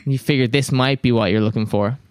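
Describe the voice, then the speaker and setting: A man narrating a tabletop game as game master, relaxed and laughing often. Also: mid-range voice, brisk, smooth, no echo, clean studio sound. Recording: soft music behind.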